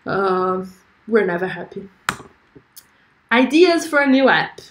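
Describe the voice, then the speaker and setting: A woman's voice: mid-range voice, expressive, slow pace, roomy sound, a little hiss or hum. A young woman hosting a livestream, chatting effusively and reading viewer comments aloud. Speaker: livestream host. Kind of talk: casual livestream chat.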